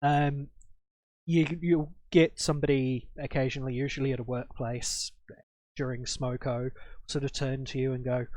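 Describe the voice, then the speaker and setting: A man's voice: medium pitch, level tone, moderate pace, darkish tone, dry recording. A man with an English accent, a guest in a casual panel discussion, telling stories with hesitant starts. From England.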